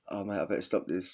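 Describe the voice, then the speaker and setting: Crude, laughing storyteller. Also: male voice, fairly low pitch. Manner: swearing, laughing, slangy. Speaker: podcast host. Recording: dull lo-fi recording.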